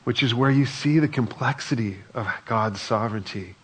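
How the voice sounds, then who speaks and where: A man's voice: medium pitch, normal speed, breathy edge. A man preaching a sermon in a conversational way, reading scripture aloud between his own remarks. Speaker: pastor.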